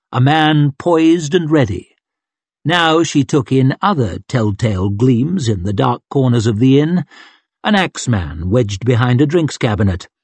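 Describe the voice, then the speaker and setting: Husky male audiobook narrator, dry sound. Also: medium pitch, no echo. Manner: measured, expressive storytelling. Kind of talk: scripted narration.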